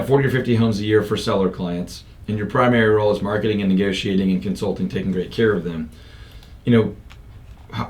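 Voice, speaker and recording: An upbeat, talkative man hosts a casual podcast from an office studio. His voice sits a little low, and he rambles freely with fillers and quick restarts. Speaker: podcast host and real estate coach.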